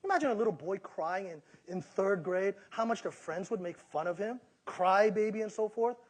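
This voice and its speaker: A man's voice: high voice, animated, moderate pace. A middle-aged male pastor giving a sermon, preaching with energy and acting out the voices he quotes.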